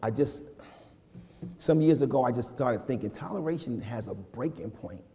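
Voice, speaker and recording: A man's voice: medium pitch, normal speed. A male minister preaching a conversational, slang-laced sermon, speaking directly to his congregation in a church sanctuary. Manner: casual, slangy, animated preaching with asides to the congregation. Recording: long hall reverb in a sanctuary.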